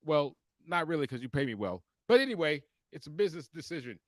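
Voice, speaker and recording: A man co-hosting a podcast, telling a profane story as an animated, cussing rant. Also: a little high, quick pace. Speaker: podcast co-host.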